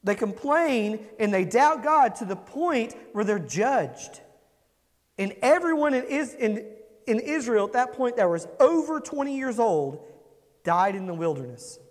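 A man's voice: very high voice, very animated, a little slow, long reverb tail. A man preaching a conversational sermon, asking the congregation questions. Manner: conversational, asks the congregation questions, acts out quotes. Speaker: pastor.

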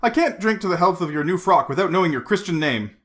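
A man reading aloud, voicing a suave secret agent who speaks in a crisp, assured way. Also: high-pitched, animated, fast, fairly bright tone, voice pushed up. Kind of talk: audiobook character reading.

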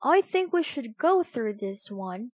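A woman voicing a cheerful, adventurous young boy in a storybook, excited and a bit louder. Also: on the high side, unhurried, no echo.

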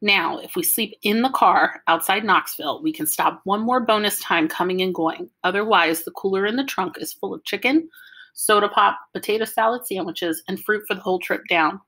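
A woman reading an audiobook, voicing a mother who calmly reads out a carefully organized plan for a family road trip. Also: mid-range voice, moderate pace. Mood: planning. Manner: orderly, matter-of-fact, explaining.

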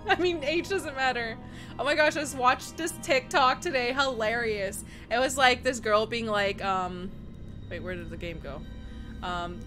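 A young woman from Canada chatting casually while livestreaming a horror game, giggling and reading chat aloud. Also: mid-range voice. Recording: music playing underneath.

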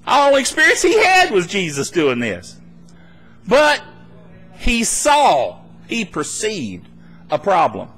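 Animated, bright-voiced male preacher. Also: high-pitched, takes it slowly. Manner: animated preaching, laughing between points, acting out worried voices. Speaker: pastor. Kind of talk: live sermon. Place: church meeting.

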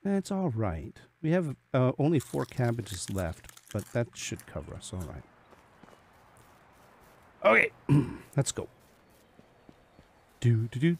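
A man talks through his game in a loose, chatty way, greeting animals as he passes them. His pitch swings around freely from low mutters to high, excited jumps. The talk sounds relaxed and unscripted. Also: slow pace, creaky, pauses often, slightly rough. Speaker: gaming video host. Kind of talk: casual gameplay commentary.

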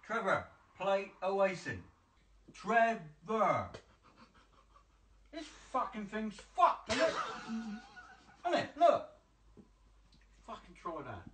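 A middle-aged man shouting and swearing in frustration at a smart speaker in his home. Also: extremely high pitch, sing-song, slow pace, long pauses, noisy background. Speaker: father trying a new smart speaker. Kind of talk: candid home video. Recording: echoey room from a distance.

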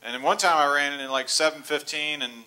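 A man in his forties preaching in a church, telling a long comic story with laughter and rising excitement. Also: fairly high pitch, fast talker, clean tone. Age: 40s. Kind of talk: storytelling sermon. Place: church sanctuary.

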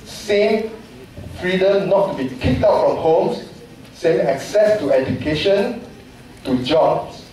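A man's voice: a little high, expressive, slow pace, a little mellow. A man from Malaysia, giving an impassioned forum speech full of repeated rhetorical questions. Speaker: forum panelist. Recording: echoey hall, distant mic, faint noise.

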